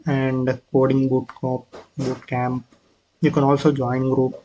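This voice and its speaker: Hesitant man with a flat delivery. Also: mid-range voice, muffled recording. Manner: hesitant, halting, with frequent fillers and restarts. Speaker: presenter of his own app prototype. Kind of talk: casual screen walkthrough.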